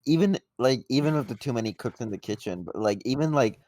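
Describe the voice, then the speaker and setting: A man co-hosting a casual film discussion podcast, chatting casually with quick interjections and swearing. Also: mid-range voice, animated, darkish tone, no echo. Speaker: podcast co-host.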